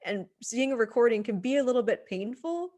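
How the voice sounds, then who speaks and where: A writing center instructor teaches presentation skills in a recorded lecture, speaking into a computer microphone in a conversational style full of fillers and restarts. Her voice is fairly high, expressive, a little mellow, and fairly quick.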